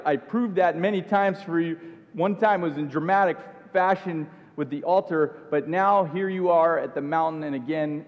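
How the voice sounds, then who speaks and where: A man preaching an earnest sermon, often restarting and repeating his phrases. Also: medium pitch. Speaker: pastor. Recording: dull sound with long hall reverb.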